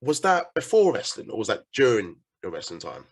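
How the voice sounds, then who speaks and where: A man's voice: fairly low pitch, wildly swooping pitch, a little fast, breathy edge. A man hosting a podcast, talking in a casual, enthusiastic way, swearing now and then and laughing often. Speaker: podcast host.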